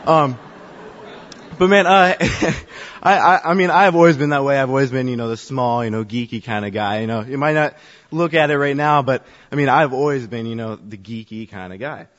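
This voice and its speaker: A man's voice: medium pitch, normal speed, fairly bright tone. A man on church youth ministry staff telling a self-deprecating personal story to a congregation, chatty and full of fillers. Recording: echoey hall, dull sound.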